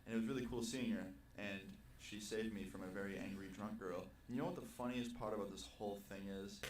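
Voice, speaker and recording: Young man, low-ish voice, animated storyteller who swears freely, casual vlog, played back roomy and far off. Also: fairly quick. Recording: roomy, distant video playback with faint noise.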